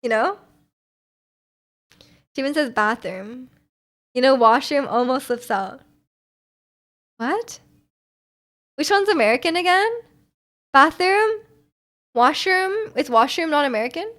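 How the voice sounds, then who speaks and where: A woman's voice: sits high, big pitch swings, takes it slowly, pauses often, fairly bright tone. Bubbly giggly woman streamer chatting. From Canada. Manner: giggly, bubbly, self-deprecating, often restarts. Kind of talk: casual chat reading viewer comments.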